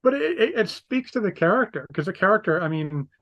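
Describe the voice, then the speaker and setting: A young adult man with a slightly high voice co-hosts a casual movie podcast. He gushes with enthusiasm, trips over his words and swears casually. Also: big pitch swings, fairly quick, dull audio. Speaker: podcast co-host.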